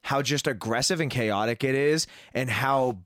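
A man's voice: mid-range voice, normal speed, a bit bright, no room sound, studio quality. A young man hosting a casual music podcast, rambling with lots of fillers and frequent swearing. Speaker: podcast host. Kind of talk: casual chat about music.

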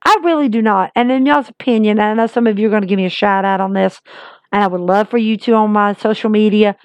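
A woman's voice: medium pitch, fast, clean tone, no echo, lo-fi sound. A woman hosting a casual wrestling recap podcast, talking emphatically and repeating herself like an exasperated fan.

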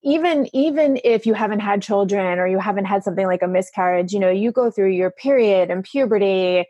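A woman in her fifties hosts a relaxed interview in a chatty, self-deprecating way, laughing easily at herself. Her voice sits at an ordinary middle pitch. The sound is dry and close, with almost no room echo. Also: fairly quick, muffled recording. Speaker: podcast host. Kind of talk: casual conversational interview.

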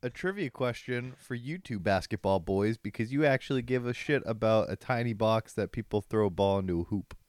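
A man's voice: on the low side, brisk, hardly any pauses, a little mellow, dry recording, clean studio sound. A young man co-hosting a podcast, making goofy, crude jokes. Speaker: podcast co-host. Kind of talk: casual chat.

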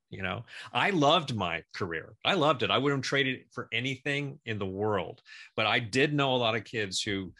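A middle-aged man hosting a relaxed conversation, with a bright, forceful tone. He talks in an easy back-and-forth way, his pitch sitting in the middle. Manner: conversational, leading questions, brisk asides. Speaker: host. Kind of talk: casual interview.

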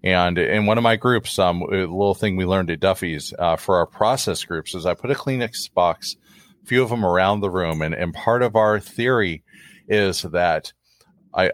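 A man's voice: low voice, moderate pace, no room sound, clean studio sound. A man hosting an interview podcast, an addiction counselor talking in an earnest, conversational way. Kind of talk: casual interview.

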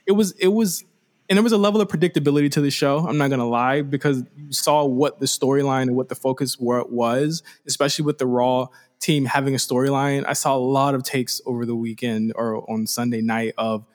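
Man, podcast co-host, casual chat, animated, restarts his sentences a lot. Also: mid-range voice, fairly quick. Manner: animated, repeats words when starting sentences.

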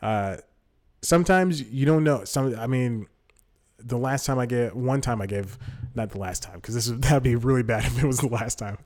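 A man's voice: medium pitch, normal speed, a little mellow. Rambling young man telling stories. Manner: rambling, self-correcting, laughs often mid-sentence. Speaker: podcast host. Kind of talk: casual solo storytelling.

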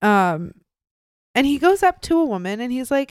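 Young woman, podcast co-host, casual true-crime storytelling, animated, profane, smooth resonant voice, dry close sound. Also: high voice, normal speed, no room sound.

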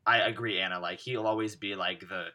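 A man co-hosting a podcast in casual chat, rambling with lots of "like" fillers and quoting people in animated bursts. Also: low voice, brisk. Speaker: podcast co-host.

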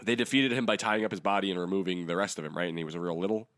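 Young guy podcast cohost, lowish voice, rambly, swears, laughs a bunch, dry sound. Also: racing, fairly bright tone, no room sound. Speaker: podcast co-host. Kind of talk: casual chat about manga.

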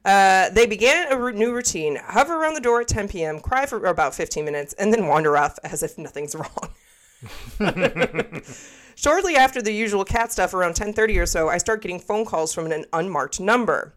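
A woman's voice: mid-range voice, animated, moderate pace. A woman podcast co-host in casual chat, reading a scary story aloud with laughs and asides.

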